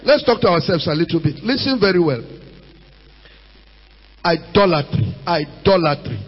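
A man with a Nigerian accent preaching a sermon in an animated way, with shouts, mimicry and asides in Pidgin. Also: fairly high pitch, normal speed, slightly rough. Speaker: pastor. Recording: dull sound in a reverberant hall.

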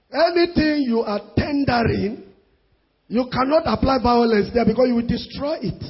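High, raspy Nigerian preacher. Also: male voice. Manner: emphatic, repetitive, bursts of shouting. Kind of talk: sermon. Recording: dull lo-fi sound.

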